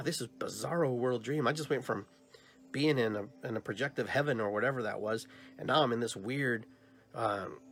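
Man telling a dream story. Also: mid-range voice. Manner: animated storyteller who acts out quoted dialogue. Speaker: podcast host. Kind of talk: recounting a dream on a podcast.

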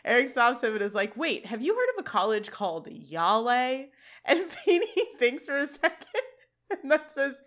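A woman's voice: high voice, big pitch swings, fairly bright tone. A woman co-hosting a podcast, retelling sitcom scenes in casual chat and laughing often. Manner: giggly, retells scenes with quick quoted lines. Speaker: podcast co-host.

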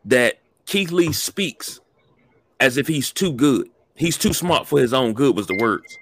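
A man co-hosting a casual wrestling talk show, blunt and animated, swearing freely. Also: medium pitch, a little slow, no room sound. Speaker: podcast co-host.

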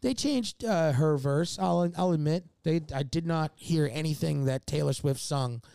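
A man's voice: on the high side, measured pace, vocal fry, warm tone, smooth, no room sound, studio quality. A man telling a long, rambling story as a podcast guest, swearing often and laughing mid-sentence. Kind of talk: casual storytelling chat.

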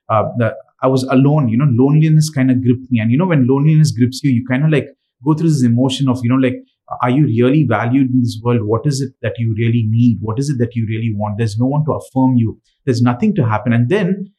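A man's voice: medium pitch, a little mellow, poor audio. A man from Dubai preaching a sermon and reading scripture aloud, earnest, with frequent fillers and restarts.

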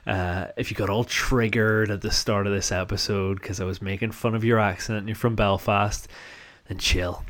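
A man's voice: on the low side, level tone, moderate pace, a bit bright. A man with a North Down accent from Northern Ireland, hosting a casual, self-mocking podcast monologue. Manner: chatty, self-mocking, laughs often. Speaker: podcast host.

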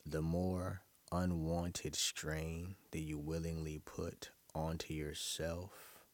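A man's voice: rumbling low, flat delivery, slow pace, dry recording. A young man from Brooklyn, talking in a loose, rambling, profane monologue to his listeners. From Brooklyn, New York. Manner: loose, profane, rambling storytelling with frequent laughs. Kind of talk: casual monologue.

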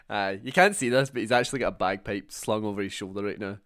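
A man's voice: lowish voice, fast talker, fairly bright tone, no room sound, studio quality. A young Scottish man hosting a film podcast in a casual chat, joking, laughing often and telling anecdotes. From Scotland. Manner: chatty, laughs often, tells anecdotes with voiced quotes. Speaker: podcast host.

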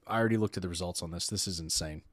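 A man's voice: low voice, racing, fairly bright tone, no room sound. A man hosting a podcast, talking casually and sarcastically, often laughing while he reads aloud. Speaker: podcast host.

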